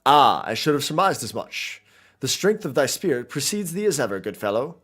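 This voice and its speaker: A man's voice: mid-range voice, big pitch swings, normal speed, a bit bright. A man voicing a courtly young male game character with formal, archaic, flowery speech.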